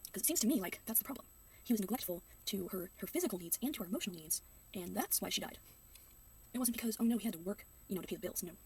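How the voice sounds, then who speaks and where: A woman's voice: medium pitch, darkish tone, distant mic, slight background noise. A young woman reacting to a video in casual commentary, ranting sarcastically and slipping into mocking voices. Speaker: reaction youtuber.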